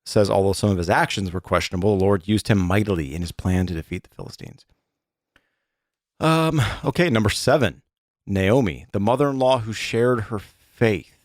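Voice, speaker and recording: A man with a fairly low voice reads through a list of stories for a casual podcast. He halts, restarts and fills gaps with little sounds. The recording is close and dry, with no room around it. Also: no room sound. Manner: halting, reads aloud with many fillers and restarts. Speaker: podcast co-host. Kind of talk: casual chat, reading a list aloud.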